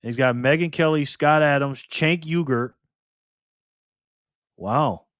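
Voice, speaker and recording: A man hosting a casual livestream, calling out viewers and donations with upbeat shout-outs. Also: on the high side, slow, dry recording, clean studio sound. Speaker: livestream host.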